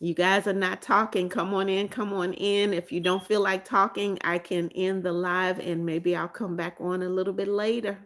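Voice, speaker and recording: A woman's voice: medium pitch, level tone, moderate pace, hardly any pauses, fairly bright tone. A middle-aged woman from the United States hosting a casual livestream, chatting and reading viewer comments aloud, often repeating greetings and names. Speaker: livestream host.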